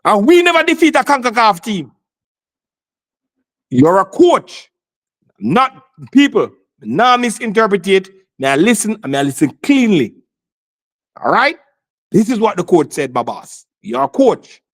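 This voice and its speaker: A man's voice: high voice, very animated, a little slow, long pauses, fairly bright tone. A man arguing heatedly on a sports talk show, insisting and repeating his points. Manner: insistent, repeats himself, talks over others.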